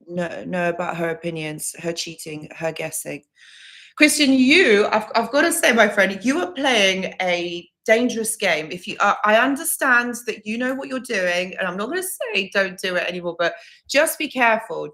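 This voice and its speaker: A woman's voice: lowish voice, fairly bright tone. A woman recovery coach hosting a live Q&A stream, reading viewer comments aloud and answering with earnest, reassuring advice that she often repeats.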